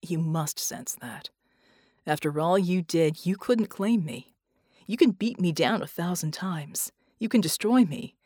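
A woman doing a quiet, determined wounded man. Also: fairly low pitch, lively intonation, measured pace, slightly rough, no room sound, studio quality.

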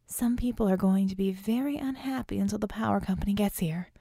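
A woman reading an audiobook, voicing a quick-witted young woman tech hero who jokes nervously and plans fast. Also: mid-range voice, gravelly, mellow, no room sound, clean studio sound. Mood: quick joking.

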